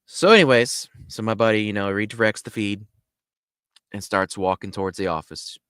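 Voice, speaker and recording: A man with a fairly low voice tells a story in an easygoing, animated way, peppering it with fillers. He sounds dry and close, with no room echo behind him. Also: moderate pace, clear, resonant tone. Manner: animated, lots of "you know" fillers. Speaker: host. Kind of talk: casual storytelling.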